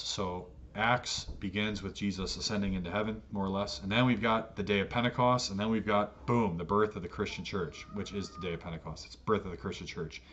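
An American man teaching an adult catechesis lesson on the Bible in a relaxed, conversational way, with fillers and self-corrections. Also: on the low side. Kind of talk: Bible study lecture. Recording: dull lo-fi audio with faint noise.

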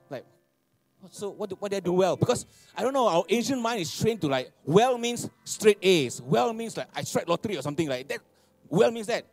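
A man, preaching a sermon, animated and laughing, repeating phrases and asking for amens. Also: sits high. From Malaysia. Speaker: pastor. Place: church hall.

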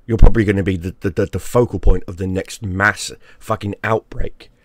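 A man's voice: sits low, fairly even intonation, brisk, no room sound. A man giving a crude, mocking rant straight to the camera, often repeating himself for emphasis. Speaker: YouTube gaming creator. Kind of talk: profane ranting monologue.

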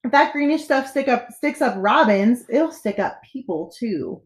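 Woman putting on an old male bell ringer, fretful, fussing, lively pitch. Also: measured pace, roomy sound. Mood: fearful. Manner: worried, fussing.

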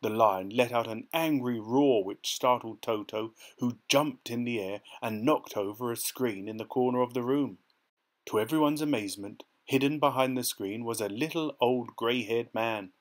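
A man reading a children's story aloud in a steady, expressive way. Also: mid-range voice, normal speed. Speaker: narrator.

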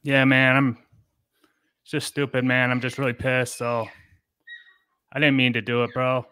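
Smooth, laid-back male caller. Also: medium pitch, little pitch movement, moderate pace, pushed and bright. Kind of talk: call-in argument.

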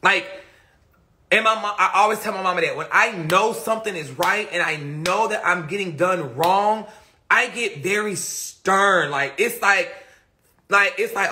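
A man's voice: sits high, unhurried, bright, forceful tone. A man chatting casually on a phone livestream, answering viewer comments in a rambling, profane and emphatic way.

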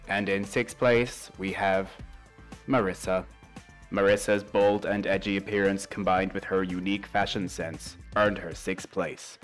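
A man putting on a slow, monotone robot AI voice to announce a countdown with deadpan delivery. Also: on the low side, lightly acted. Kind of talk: mock robot voice reading a countdown.

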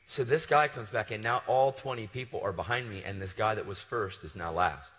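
A man preaching a sermon, telling stories in a casual, animated way with slangy asides. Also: lowish voice, a little fast, big-room sound. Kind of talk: storytelling sermon.

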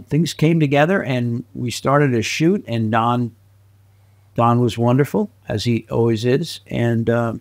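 Man, interview guest, middle pitch, animated anecdotes, frequent laughs. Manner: lively anecdotal storyteller who slips into voices and laughs often. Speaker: guest actor and filmmaker. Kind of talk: casual interview storytelling.

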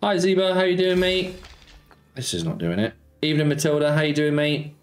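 His voice is fairly high, animated and brisk as he plays casino slots on a live stream. He chats casually, says hello to viewers by name and trades football banter.

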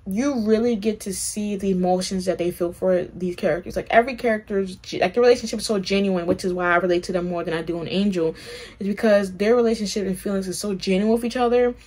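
A young woman hosting a reaction channel, talking in a rambling, excitable way with plenty of swearing and fillers. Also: mid-range voice, quick pace. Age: young adult. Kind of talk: casual reaction commentary.

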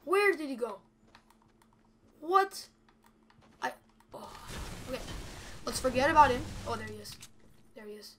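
A woman's voice: high voice, expressive, a little slow, pauses often, slight background noise. A young woman giving live gameplay commentary, chatty and anxious, talking straight to her viewers. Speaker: gameplay video creator.

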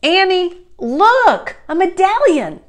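A woman's voice: very high voice, very animated, measured pace, a bit bright, pitched above the performer's own voice, heavily acted. A woman voicing a cautious, worried young boy in a read-aloud storybook, calling out urgent warnings. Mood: alarmed.

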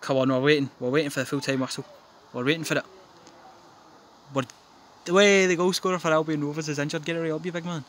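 Excitable sweary young man. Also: on the high side, quick pace, long pauses, slight background noise. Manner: sweary, jokey, bursts into yelling. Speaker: gaming commentator. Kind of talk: excitable game commentary. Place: back garden outdoors.

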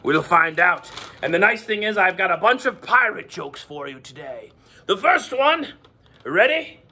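A man's voice: high-pitched, very animated, unhurried, pushed and bright, slight background noise, exaggerated voice. A man in his forties putting on the voice of a jolly, playful pirate for a children's lesson, with growly "arr"s between his jokes. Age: 40s.

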